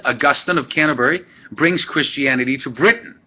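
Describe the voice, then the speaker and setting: A man's voice: a little high, lively intonation, normal speed, a little hiss or hum. Man teaching a class over muffled webcam. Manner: asks students questions, thinks aloud. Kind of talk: classroom history lesson.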